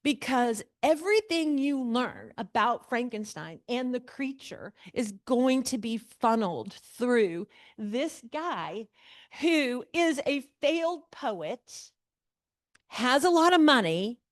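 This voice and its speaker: A woman's voice: a little high, very animated, slow pace, no room sound, clean studio sound. A woman teaching an adult church class on a novel. She talks animatedly, questions her students and pokes fun at wordy passages. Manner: mocks long-winded speech with playful asides. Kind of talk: literature class lecture.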